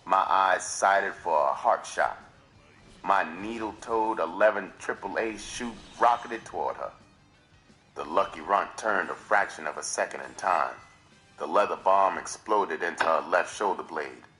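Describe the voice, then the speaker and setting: A man's voice: deep voice, unhurried, sharp tone, soft background music. A man reading a novel aloud on a live stream in dramatic first-person narration. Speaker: reader.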